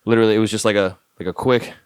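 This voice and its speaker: A man, an army staff sergeant guest on a podcast, telling stories casually in a profane, animated way and acting out the dialogue. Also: on the low side, racing, clean tone, no echo, clean studio sound. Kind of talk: casual storytelling.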